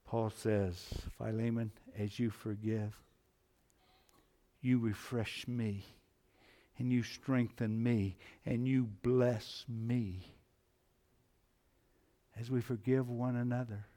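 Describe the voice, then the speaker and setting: A man preaching a sermon, moving between hushed, low passages and loud, emphatic climbs. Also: little pitch movement, takes it slowly, pauses often. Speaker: pastor.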